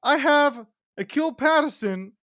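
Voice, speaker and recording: A man hosting a casual podcast, telling stories in an animated, profane, laughing way. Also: extremely high pitch, measured pace, dry recording, studio quality. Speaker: host.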